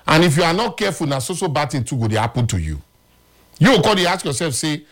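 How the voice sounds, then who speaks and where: A man's voice: fairly high pitch, big pitch swings, fast. A man with a Nigerian accent, a guest on a talk show, speaking in an emphatic, preachy way.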